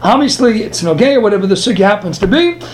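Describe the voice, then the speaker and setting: A man's voice: high-pitched, slight background noise. A man teaching a Talmud lesson, firing off rhetorical questions and answering them himself. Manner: animated, rhetorical questions, quick asides. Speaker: Torah teacher. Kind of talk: Talmud lecture.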